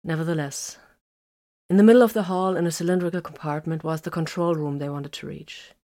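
A woman reading a science fiction story aloud in an even, measured narration. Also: low-pitched. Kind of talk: scripted narration of sci-fi fiction.

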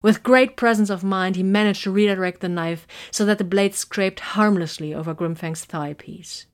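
A woman's voice: mid-range voice, moderate pace. Woman narrating a fight scene. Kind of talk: audiobook reading of fan fiction.

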